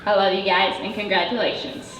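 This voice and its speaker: A woman giving an emotional wedding toast as the bride's best friend, halting and choked up at times. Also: mid-range voice, level tone. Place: wedding reception room. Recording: echoey room with background noise.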